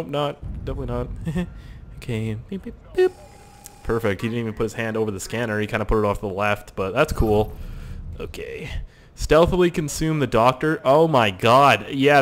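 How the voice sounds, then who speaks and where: A lively young man commentating a game he is playing, with a voice that swings up and down a lot. He jokes, swears and slips into goofy voices for the people on screen. A faint hiss of noise sits under the recording. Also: medium pitch. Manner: joking, profane, puts on silly voices for characters. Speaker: gaming YouTuber. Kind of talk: let's play commentary.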